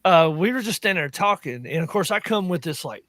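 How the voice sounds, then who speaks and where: A man with a Southern Appalachian accent spins stories in loose, laughing chat. His voice sits a bit high and bright, and the sound is dry and close. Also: lively intonation, brisk, dry recording. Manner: chatty storyteller, laughs often. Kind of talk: casual chat.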